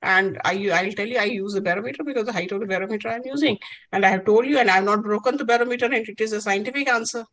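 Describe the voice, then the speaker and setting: A man's voice: high-pitched, racing, fairly bright tone, low-quality recording. A woman voicing a clever, cheeky young male science student who patiently explains his answers. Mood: cheeky explaining.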